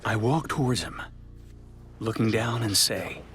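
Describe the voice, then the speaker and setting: A man interviewed as a producer, telling a story in brisk present tense. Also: lowish voice, a bit bright, soft background music. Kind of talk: documentary interview.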